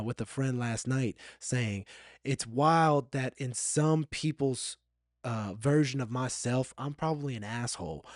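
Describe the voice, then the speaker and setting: Clean studio sound with no room echo carries a man's medium-pitched voice as he hosts his podcast alone. He reflects openly, sometimes becoming emotional and circling back to the same words.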